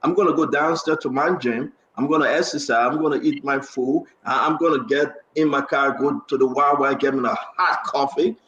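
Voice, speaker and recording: A man's voice: medium pitch, brisk, few pauses, a bit bright, reverberant, highs cut off, a little hiss or hum. A man hosting a casual online talk show, chatty and upbeat, drifting into preachy asides.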